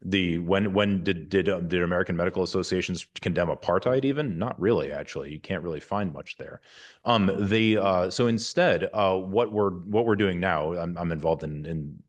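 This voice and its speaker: A man's voice: low-pitched, moderate pace. A man in his forties, a surgeon giving an informal university talk, rambling with many restarts and fillers and making candid, wry asides. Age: 40s.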